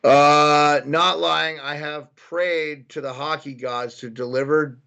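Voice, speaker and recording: Speaking slowly in a steady, fairly high voice that is gravelly yet clean with a sharp edge, this young man runs a live stream. His commentary is casual: he greets chat viewers by name, reacts to incoming news, and thinks out loud.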